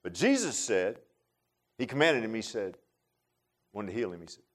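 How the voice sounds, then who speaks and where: Animated male preacher with joking asides. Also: fairly low pitch, normal speed. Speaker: pastor. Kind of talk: sermon.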